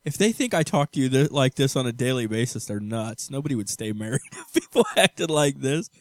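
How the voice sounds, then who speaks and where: A man in his thirties co-hosts a casual podcast with his wife, speaking briskly and animatedly at a medium pitch. He's jokey and goofy, teasing and arguing with her, captured on a studio mic with no echo.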